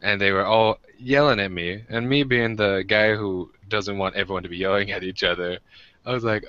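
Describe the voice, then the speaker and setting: A man's voice: fairly low pitch, fairly even intonation, moderate pace, bright, forceful tone, no room sound, muffled recording. An American man co-hosting a podcast, telling rambling, self-deprecating stories in casual chat with many restarts. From United States. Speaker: podcast co-host.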